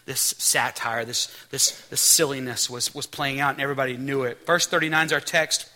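A pastor preaching a sermon, reading scripture and leading a prayer, emphatic and repeating key phrases for weight. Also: male voice, mid-range voice, fairly even intonation, fairly quick, bright, forceful tone, low-quality recording.

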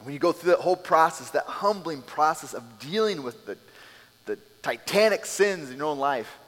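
Animated male pastor preaching in an echoing hall. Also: on the high side, normal speed. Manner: animated storytelling, acting out scenes. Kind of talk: sermon.

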